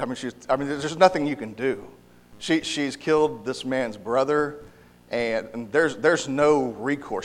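A man delivers a sermon in a mid-pitched voice. He speaks earnestly and haltingly, stumbling over his words, repeating them and restarting his sentences. He pushes louder on the phrases he means to stress. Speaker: preacher.

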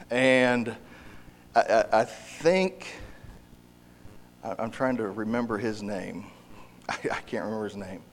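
A preacher delivers a sermon in a mid-pitched voice, earnest and halting, stumbling over words, repeating them and restarting sentences. He gets louder on the phrases he wants to stress.

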